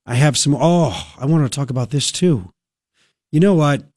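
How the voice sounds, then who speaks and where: A man hosting a talk radio program, his voice a bit higher than most men's. He rants with biting sarcasm and indignation. The studio mic sounds close and dry, with no room around it. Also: normal speed, darkish tone, dry recording. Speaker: radio talk show host. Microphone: studio microphone.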